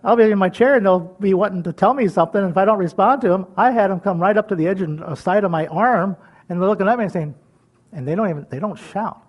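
An older man preaching a sermon in a folksy way, chuckling often and swinging between loud calls and soft whispers. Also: high voice, quick pace. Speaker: pastor.

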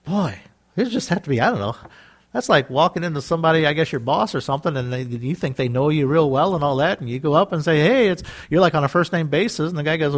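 A man preaching a sermon in a lively, animated way, acting out quoted voices and laughing often. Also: on the high side, fairly quick. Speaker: pastor.

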